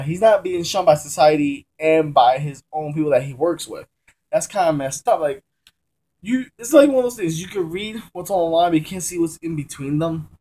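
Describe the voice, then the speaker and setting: In a fairly high, slightly mellow voice, a young man reviews a comic book in a casual chat at home amid a move. He talks in loose slang, rambling and often correcting himself.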